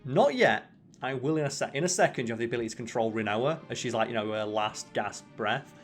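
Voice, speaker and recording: A man's voice: mid-range voice, expressive, quick pace, soft background music. A man hosting a let's play, chatting casually and rambling as he swears freely over the game. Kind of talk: casual gaming chat.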